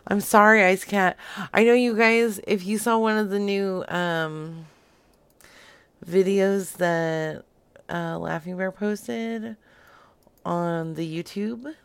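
A woman's voice: mid-range voice, clear, resonant tone, no echo. A young woman hosting prank calls, chatting casually, teasing and laughing often. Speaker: prank call host. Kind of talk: casual prank call chat.

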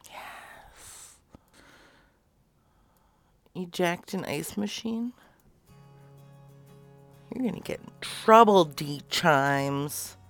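A woman hosting a stream, chatting casually, swearing freely and drifting between quiet mutters and loud bursts. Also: on the low side, animated, takes it slowly, long pauses, faint music behind. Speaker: stream host making prank calls.

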